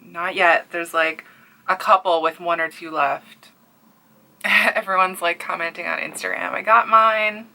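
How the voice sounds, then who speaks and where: A woman's voice: fairly low pitch, steady tone, unhurried, vocal fry, sharp tone. A young woman from Canada with a Newfoundland accent, talking in a casual home vlog about her crochet business, breathless and overwhelmed, sighing and dropping to near-whispers. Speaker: crochet artist and small business owner.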